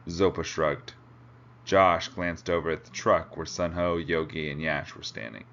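A man reading a novel chapter aloud with a steady, plain delivery. The recording sounds dull and lo-fi. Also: low voice, moderate pace. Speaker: reader.

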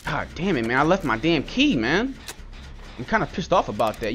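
Excitable young man narrating gameplay. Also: fairly high pitch, normal speed. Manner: excitable, swears and says "bro" a lot. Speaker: gameplay streamer. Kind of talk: live gameplay commentary.

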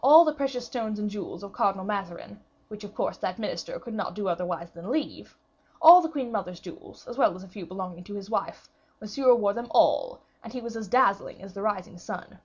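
A woman reads a classic novel aloud in a measured, even storytelling voice. Her tone is husky and breathy. The recording sounds muffled and lo-fi. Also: mid-range voice. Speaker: audiobook reader. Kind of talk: scripted narration of a classic novel.

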